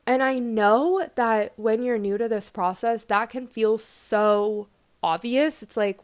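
A young woman hosting a self-help talk, speaking in a reflective, gentle, conversational way with casual "like" fillers. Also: on the high side, takes it slowly. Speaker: podcast host and coach.

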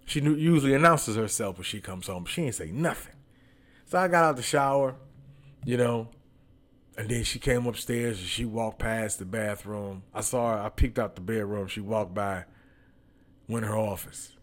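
A man's voice: fairly low pitch, moderate pace. A man hosting a podcast with a slight lisp from braces, telling stories in a loose, teasing, candid way. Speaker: podcast host. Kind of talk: casual storytelling monologue.

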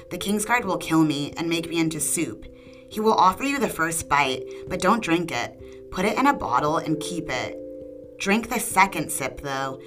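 A woman voicing a wise, wary male king of snakes in a low, grave storybook voice.

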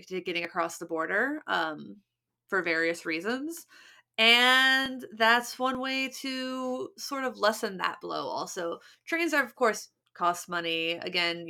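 A woman's voice: lowish voice, vocal fry, pushed and bright. A woman co-hosting a podcast, giving practical tips in a casual, chatty way with plenty of fillers and restarts. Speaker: podcast co-host. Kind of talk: casual chat.

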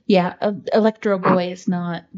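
A woman's voice: lowish voice, steady tone, moderate pace, a little mellow, lo-fi sound. A woman co-hosting a podcast in casual chat, talking in an earnest, heartfelt way with many fillers. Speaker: podcast co-host.

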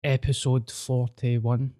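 A man with a Glaswegian Scottish accent hosting a podcast, rambling in a casual, sweary, deadpan way. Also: medium pitch, slow, no room sound, studio quality. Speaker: podcast host. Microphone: podcast mic.

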